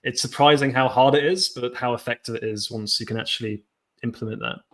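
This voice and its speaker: Calm guy hosting a podcast, asking his guest questions. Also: mid-range voice. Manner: measured, agreeing, asks questions. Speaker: podcast host. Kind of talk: podcast interview.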